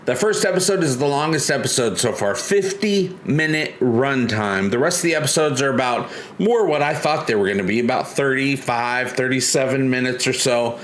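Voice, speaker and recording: A man's voice: mid-range voice, animated, moderate pace, hardly any pauses, a bit bright. A man hosting a casual live stream, chatting loosely and reading viewer comments aloud. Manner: chatty, reads chat aloud, loose and rambling. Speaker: livestream host.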